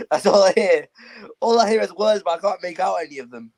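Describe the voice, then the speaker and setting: A man's voice: high voice, fairly quick, a little mellow. A young man, a guest on a football chat, teasing and mocking his rival, repeating taunts between laughs. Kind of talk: casual banter.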